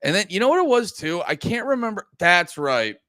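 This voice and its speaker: A man's voice: sits high, very animated, brisk, pushed and bright, no room sound, studio quality. A young man talking casually as a podcast host, rambling and swearing, often cutting himself off and laughing. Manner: profane, rambling, self-interrupting, laughs often.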